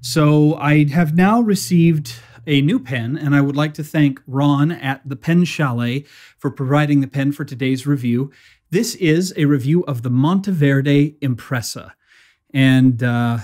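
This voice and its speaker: A man's voice: fairly high pitch, unhurried, a little mellow. Man, young adult, pen reviewer, casual chatty talk, self-deprecating, home studio. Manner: chatty, self-deprecating, frequent fillers and restarts. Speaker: pen reviewer, channel host.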